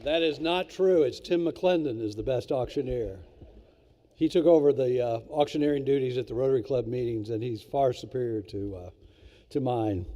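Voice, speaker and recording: An older man acting as master of ceremonies, speaking in a relaxed, self-deprecating way with a few fillers. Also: medium pitch, normal speed. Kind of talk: casual emcee remarks. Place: large hall at a luncheon. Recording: echoey hall, long reverb.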